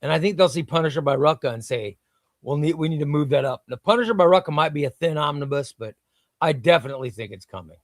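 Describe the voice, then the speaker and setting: A man hosting a comics livestream, talking loosely and reading viewer comments off the screen. His voice sits a touch high for a man. The sound is dry and close, with no room around it. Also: fast, no echo. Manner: chatty, reads viewer comments aloud; hypes sponsor in a shouted ad read. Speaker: livestream host. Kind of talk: casual livestream chat.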